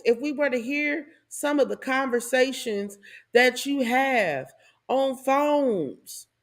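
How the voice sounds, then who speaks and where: Speaking on her own channel, this woman gives animated, casual commentary in a preachy tone, punctuated by laughing side remarks. Her voice sits high.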